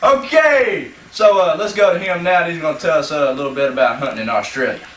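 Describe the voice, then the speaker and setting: A man's voice: a little high, fast talker, background noise, lightly acted. A man playing a boastful country deer-hunting pro in a comedy sketch, rambling with hammy emphasis. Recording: echoey room, mic far off.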